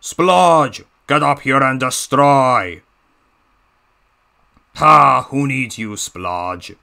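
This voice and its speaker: A man voicing a scheming villainous male diesel engine with a put-on Russian accent, slow, gravelly and menacing. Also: mid-range voice, expressive, bright, forceful tone, heavily acted. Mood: menacing taunting.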